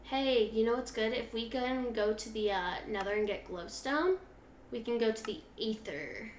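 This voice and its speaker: A woman's voice: a little high, normal speed, echoey room, slight background noise. A woman chatting casually while playing a game, thinking aloud with lots of fillers. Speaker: game co-player. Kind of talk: casual gaming chat.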